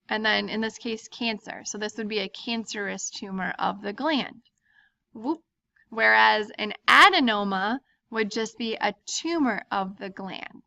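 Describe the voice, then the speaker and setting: Woman lecturer, bright gravelly voice, relaxed explainer, dull dry lo-fi recording. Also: medium pitch, no room sound. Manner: casual, frequent ums, explains step by step. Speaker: teacher.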